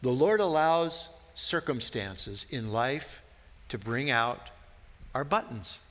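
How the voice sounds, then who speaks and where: A man's voice: mid-range voice, animated, takes it slowly, a bit bright. A man preaching a sermon as a pastor, earnest and building to emphatic questions. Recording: long reverb of a large hall.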